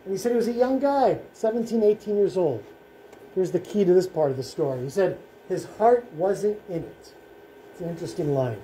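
A man, a rabbi, giving a solemn presentation at a school in short, measured phrases. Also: sits high, expressive, mellow, a little hiss or hum. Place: school room. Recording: echoey room, faint ambience.

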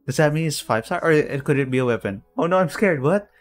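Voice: medium pitch, animated, fast talker, faint music behind. A gaming YouTuber reacting to a game pull, stunned and blurting out short disbelieving exclamations again and again. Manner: stunned, keeps blurting "oh my god" and "what".

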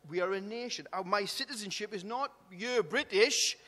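A man's voice: sits high, moderate pace, sharp tone, in a large hall. A man preaching a sermon in a conversational way, restarting words and asking "isn't it?". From Wales. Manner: conversational, repeats and restarts words, asks tag questions. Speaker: pastor. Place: church hall.

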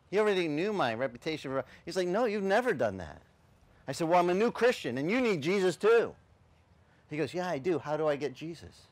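Animated storytelling male pastor. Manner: animated storyteller, acting out voices with big pitch swings. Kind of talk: storytelling sermon. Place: beach service outdoors.

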